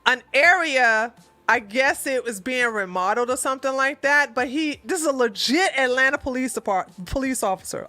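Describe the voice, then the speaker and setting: A woman host telling a story casually to camera, chatty and animated, acting out what people said. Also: sits high, dry recording. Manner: animated, chatty, breaks into laughter, acts out quotes. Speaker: channel host.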